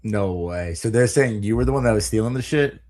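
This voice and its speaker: Male co-host with a lowish voice, easygoing and slangy in casual stream chat. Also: brisk, darkish tone. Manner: laid-back, slangy ("bro", "dude").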